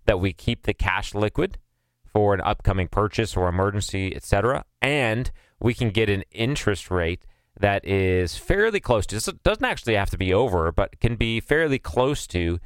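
A man co-hosts a money podcast, thinking aloud through his advice with frequent fillers. His voice sits low and smooth, recorded close and dry. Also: lively intonation, normal speed, no echo. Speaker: podcast co-host. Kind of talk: casual advice chat.

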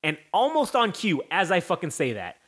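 A young man with a high voice, talking at a normal speed, hosts a podcast and tells a long story. He's animated and profane, acting out different voices as he goes.

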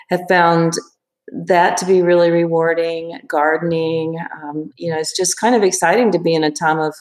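A woman in her fifties, a therapist, talking thoughtfully in an interview with many pauses and restarts. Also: low voice, darkish tone, roomy sound. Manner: reflective, hesitant with many restarts and fillers. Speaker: therapist guest. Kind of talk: casual interview.

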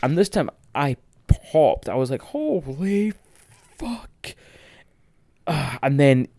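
A young Scottish man recapping a wrestling match in casual, excitable, sweary podcast chat. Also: mid-range voice, moderate pace, vocal fry, no room sound.

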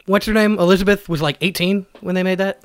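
A man's voice: high-pitched, steady tone, fast, clean tone, dry recording, clean studio sound. A young man co-hosting a comedy podcast, chatting casually, joking and laughing often. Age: young adult. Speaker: podcast co-host. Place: home in snowy city.

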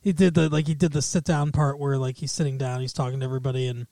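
A man's voice: medium pitch, flat delivery, quick pace, mellow, no room sound. A man co-hosting a podcast in casual chat, laughing often and rambling playfully. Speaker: podcast co-host.

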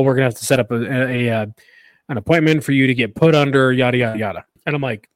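A man co-hosting a casual podcast, spinning a story with lively energy and stumbling restarts. His voice sits at an ordinary middle pitch. It sounds close and dry, with no room around it. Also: fast talker, dry recording. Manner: animated, rambling storyteller with many restarts and laughs. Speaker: podcast co-host.

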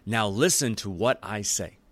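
A man voicing God as a stern, fatherly deity who speaks slowly and gravely. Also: on the low side, fairly bright tone, no echo. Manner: slow, grave, emphatic.

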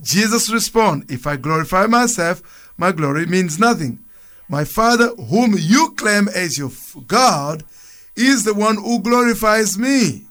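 A church speaker reads Bible passages on a radio program, then explains them in a loose, chatty manner full of restarts and chuckles. His high-pitched voice is animated and a little slow, with a fairly bright tone.

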